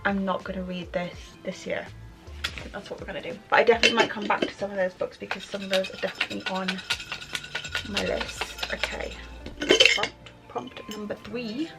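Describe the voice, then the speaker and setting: A woman's voice: medium pitch, fairly even intonation, a little fast, loud music behind the voice, poor audio. A young woman chatting casually in a reading vlog, thinking aloud with many ums. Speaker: book vlogger.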